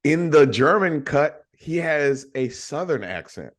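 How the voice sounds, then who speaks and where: A man's voice: fairly high pitch, expressive, measured pace. A man co-hosting a film podcast, talking eagerly and enthusiastically with casual swearing. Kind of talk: casual film review chat.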